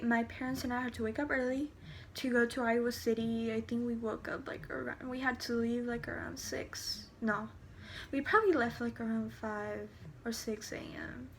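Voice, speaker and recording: A woman's voice: fairly high pitch, a little hiss or hum. A teenage girl telling a personal story to camera in a casual, rambling way, full of fillers and restarts. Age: teens. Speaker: vlogger.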